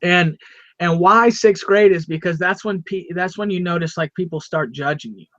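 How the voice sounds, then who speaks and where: A man co-hosting a podcast, telling a rambling, animated story in casual chat and repeating himself. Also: high-pitched, moderate pace, no room sound, highs cut off. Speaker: podcast co-host.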